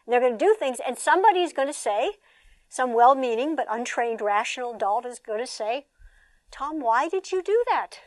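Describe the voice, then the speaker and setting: An older woman leads a training workshop in a fairly high voice, animated and chatty, tossing rhetorical questions to a seated audience. The sound is dry and close, with almost no room echo. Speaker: trainer and former therapist.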